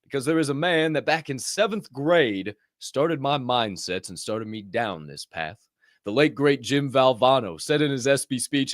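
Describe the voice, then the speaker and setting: A man hosting a morning motivational show, talking playfully with loud bursts and hushed asides between sips of coffee. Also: medium pitch, animated, normal speed, no room sound, studio quality. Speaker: podcast host. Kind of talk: energetic morning show monologue.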